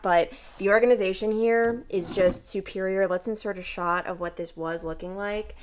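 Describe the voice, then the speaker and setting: A woman's voice: medium pitch, fairly even intonation, normal speed. Chatty young woman vlogging at home. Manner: chatty, filler-heavy with frequent "like". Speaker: lifestyle vlogger. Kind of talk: casual vlog chat.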